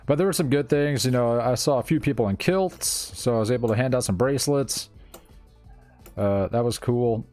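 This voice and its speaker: A man's voice: medium pitch, moderate pace, darkish tone, faint music behind. Laid-back profane man telling stories. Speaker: streamer. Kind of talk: casual storytelling while gaming.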